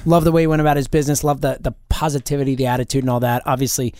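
A podcast co-host in casual sports chat, telling stories with animated energy and wry teasing. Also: mid-range voice, very fast, no echo, studio quality.

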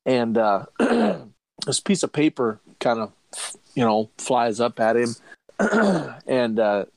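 Man game master, frog in his throat, frequent throat clearing, slow, animated pitch, dry sound. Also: no room sound, rough recording. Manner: keeps clearing his throat, rambling narration. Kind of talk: narrating a tabletop game.

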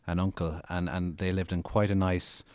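A man's voice: deep voice, flat delivery, normal speed, a little mellow, no echo. A man with an Irish accent, an author who reads his own fiction theatrically and then chats in a rambling, storytelling way. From Ireland. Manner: theatrical, dramatic reader; rambling, chatty storyteller with restarts. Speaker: author and podcast guest.

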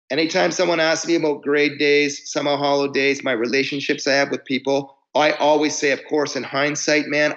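Telling casual stories about touring with his band, a musician guest on a podcast rambles and keeps restarting his sentences. His mid-range voice sounds a bit bright, and the interview audio is lo-fi.

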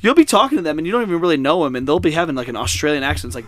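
A man's voice: fairly high pitch, expressive, rapid-fire. A young man hosting a casual podcast chat with friends at a campsite, rambling and joking, sometimes mimicking others. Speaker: podcast host. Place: camper van at a campsite.

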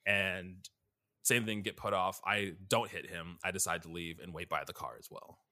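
A low-pitched man with a bright, forward edge to his voice, casually retelling a video game's scenes. He leans on fillers like "like" and acts out the characters' lines as he goes. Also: steady tone, moderate pace. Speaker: podcast co-host. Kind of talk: casual chat recounting a video game.

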